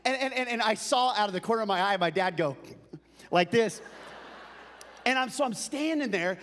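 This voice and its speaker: A male pastor tells a comic story in a fairly high voice, swinging from quiet asides to loud, excited outbursts. His voice rings out through a large church sanctuary with a long echo. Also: moderate pace, slight background noise. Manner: animated, comic, ramps up to shouting. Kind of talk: storytelling sermon.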